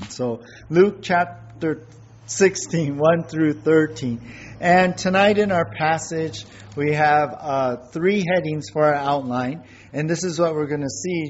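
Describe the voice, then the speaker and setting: Brief: male pastor, slow and earnest, raised pitch, dull lo-fi recording. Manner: earnest, repeated invocations. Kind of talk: evening sermon and prayer.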